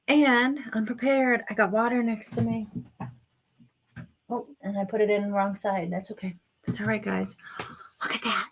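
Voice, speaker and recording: A woman's voice: medium pitch, steady tone, moderate pace, pauses often, slight background noise. A woman vlogging at home as she does a craft project, chatting to viewers and exclaiming over colors as she works. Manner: chatty, self-narrating while working, exclaims over colors. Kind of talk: casual crafting chat to viewers.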